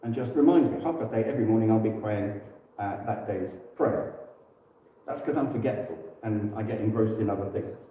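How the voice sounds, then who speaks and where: English man, relaxed church talk, echoey hall. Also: on the low side, moderate pace, muffled recording. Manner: relaxed and conversational, with frequent fillers and self-corrections. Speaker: church speaker. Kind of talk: informal church teaching talk. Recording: echoey hall, distant mic.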